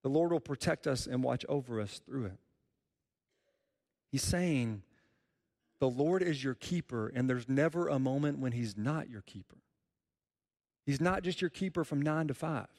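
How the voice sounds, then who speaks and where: A man's voice: medium pitch, animated, moderate pace, pauses often, darkish tone. Earnest preacher man in a reverberant hall. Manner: earnest, repeats key phrases for emphasis. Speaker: pastor. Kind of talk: sermon.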